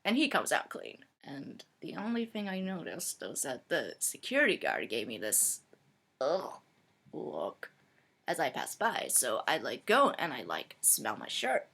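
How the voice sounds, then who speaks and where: A woman's voice: low voice, moderate pace, creaky, few pauses. A woman telling a comedic story in a chatty way, full of fillers. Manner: animated, chatty, many fillers like "like".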